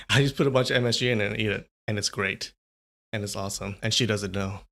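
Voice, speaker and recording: A man's voice: lowish voice, fairly quick, gravelly, pushed and bright. A young man chatting casually on a live stream, rambling and answering viewers' comments.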